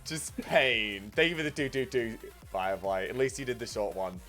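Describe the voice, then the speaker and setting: A man's voice: medium pitch, moderate pace, bright, forceful tone, faint music behind. A young man hosting a casual stream chat, reading viewer messages aloud, rambling with many fillers and frequent giggles. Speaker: streamer host.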